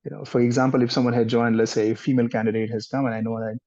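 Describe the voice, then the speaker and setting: A man, a counseling trainer explaining things gently in a live workshop. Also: medium pitch, level tone, racing. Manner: gentle, explanatory, mixes in Hindi words. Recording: dull lo-fi sound.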